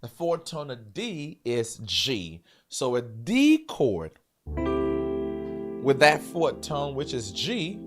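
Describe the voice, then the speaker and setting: A man's voice: mid-range voice, sing-song, takes it slowly. A man teaching a live-streamed piano lesson, repeating points and quizzing his viewers.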